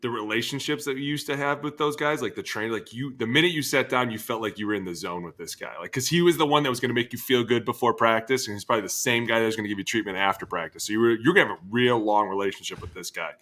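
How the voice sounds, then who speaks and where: A man's voice: mid-range voice, quick pace, hardly any pauses. A man in his thirties, a former football lineman co-hosting a podcast. He tells stories with energy, swears freely and acts out what people said. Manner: animated storyteller who acts out quotes, swears freely, laughs often. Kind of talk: casual chat.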